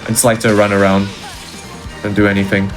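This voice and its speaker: A man's voice: on the low side, monotone, fairly quick, soft background music. A man explaining his speedrun route in an easygoing, casual way as he plays. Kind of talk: casual gameplay commentary.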